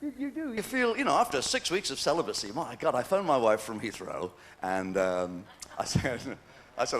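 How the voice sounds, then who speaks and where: A man's voice: medium pitch, sing-song, normal speed, a bit bright, in a large hall. An older English man doing a stand-up comedy routine, chatty and cheeky, chuckling between jokes. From England. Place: theatre stage with a live audience. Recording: noisy 1990s VHS stage recording.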